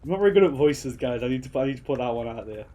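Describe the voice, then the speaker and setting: A man's voice: mid-range voice, lively intonation, racing, dark tone. A man with a Yorkshire accent giving jokey, chatty commentary while streaming a video game. He swears mildly and mutters at the screen. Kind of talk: casual gameplay commentary.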